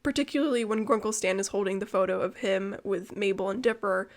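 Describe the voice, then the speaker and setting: A young woman co-hosting a podcast, chatting excitedly, swearing freely and laughing often. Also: medium pitch, brisk. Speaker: podcast co-host. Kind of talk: casual chat.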